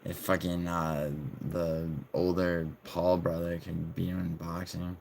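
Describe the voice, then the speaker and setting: A male streamer with a very low voice chats loosely with his viewers. He banters and swears freely as he reads their messages aloud. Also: monotone, a little slow, creaky, darkish tone, slight background noise. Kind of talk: casual livestream chat reading viewers' messages.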